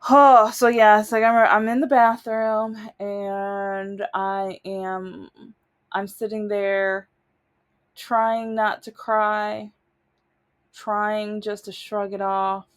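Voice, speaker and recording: A woman's voice: mid-range voice, flat delivery, extremely slow, clear, resonant tone. A young adult woman vlogging, telling a personal story in a rambling, emphatic way, often trailing off and restarting. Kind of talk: casual storytelling monologue.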